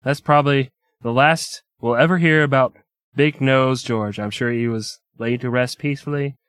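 A man's voice: medium pitch, moderate pace, a bit bright, smooth, no room sound, clean studio sound. A man co-hosting a casual comedy podcast, joking and swearing as he talks. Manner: jokey, swears, bursts into silly old-timey gangster voices. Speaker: podcast co-host.

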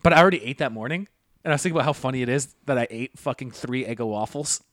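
A man's voice: mid-range voice, very fast, a bit bright, dry recording, clean studio sound. A young man co-hosting a podcast in casual chat, rambling through sweary anecdotes. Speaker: podcast co-host.

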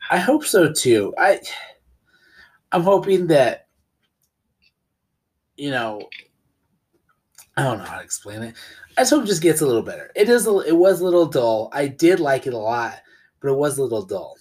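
Husky, animated podcast co-host. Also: medium pitch, brisk. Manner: animated, swearing, slips into silly voices. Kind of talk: casual chat.

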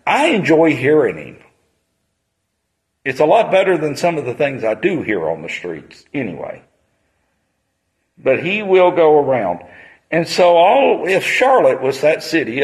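A man's voice: fairly high pitch, poor audio. A man, preaching a sermon on a Bible passage in a conversational storytelling manner.

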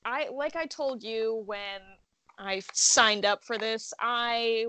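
A woman's voice: on the high side, takes it slowly, sharp tone, a little hiss or hum. A young woman, a podcast guest, chatting casually and poking fun at herself with frequent laughs. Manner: self-deprecating, laughs often. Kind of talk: casual chat.

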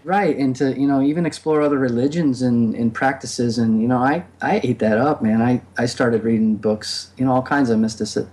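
A man's voice: medium pitch, fairly even intonation, brisk, few pauses, a little mellow. A man speaking reflectively in a casual podcast conversation, with many fillers and restarts. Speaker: podcast guest.

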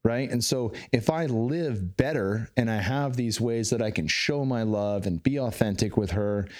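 A man in his thirties talking candidly as a podcast guest, swearing freely and getting animated. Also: medium pitch, a little slow. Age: 30s. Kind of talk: casual interview conversation.

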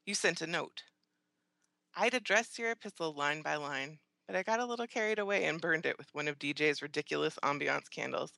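A woman's voice: low-pitched, lively intonation, fairly quick, vocal fry, pushed and bright, dry recording. A woman narrating a first-person audiobook in an acerbic, scornful, theatrical manner.

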